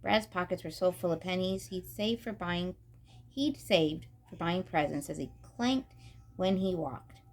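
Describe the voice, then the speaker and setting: A woman reading a children's chapter book aloud, with steady, expressive narration. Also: lowish voice, measured pace. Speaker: storybook reader.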